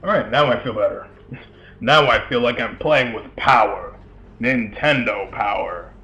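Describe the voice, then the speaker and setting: A man's voice: mid-range voice, measured pace, bright, forceful tone, dull audio. Rambling young man commenting on gameplay. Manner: rambling, chatty asides with frequent fillers. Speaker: let's play commentator.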